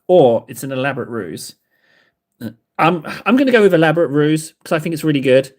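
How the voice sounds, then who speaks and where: A man's voice: on the high side, big pitch swings, moderate pace. A man hosting a livestream, chatting with viewers while painting models, rambling and self-mocking, laughing often. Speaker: livestream host painting miniatures. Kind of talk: casual chat with live chat.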